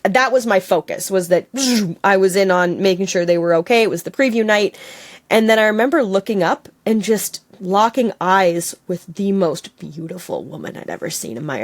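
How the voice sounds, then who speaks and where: A woman from Canada telling a personal story in an interview, animated and laughing, acting out her own quotes. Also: medium pitch. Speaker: storyteller guest. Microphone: on camera, video call.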